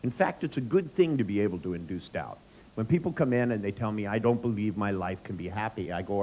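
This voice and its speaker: Joking middle-aged seminar trainer. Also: male voice, fairly low pitch, animated, fast, darkish tone, a little hiss or hum. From United States. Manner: joking, anecdotal, quizzes the audience. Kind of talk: live seminar lecture to an audience.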